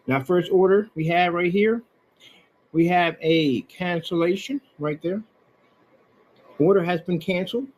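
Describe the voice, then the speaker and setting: A man's voice: high-pitched, unhurried, pauses often, rough recording. A man giving a mocking, sarcastic rant over emails and receipts, talking straight at the person he is angry with. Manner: mocking, sarcastic, with scornful repetition; talks straight at the person he is ranting about. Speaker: online seller ranting about a customer.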